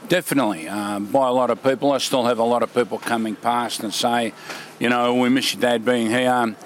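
Middle-aged man, market stallholder, easygoing, outdoors at a market, mid pitch, faint ambience. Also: steady tone, fairly quick, slight background noise. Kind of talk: casual outdoor chat.

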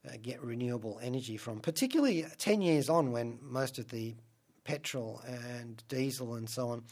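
A man with a mid-range, slightly mellow voice hosts a radio show, giving a casual film review monologue. He's rambling and wry, full of asides.

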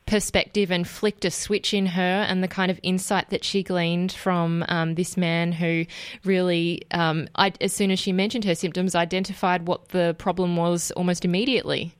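A woman radio host asking measured, thoughtful questions, with frequent ums. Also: fairly low pitch, flat delivery, smooth, no room sound. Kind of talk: radio interview.

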